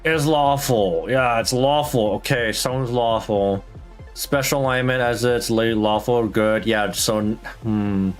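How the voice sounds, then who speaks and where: A man's voice: mid-range voice, takes it slowly, soft background music. A man streaming a game, thinking aloud in casual, slangy chat with plenty of swearing. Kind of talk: casual gameplay commentary.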